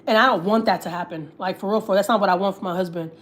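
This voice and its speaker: Fast-talking woman from Texas. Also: medium pitch. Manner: candid, frequent swearing and filler likes. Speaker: family vlogger. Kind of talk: casual livestream chat.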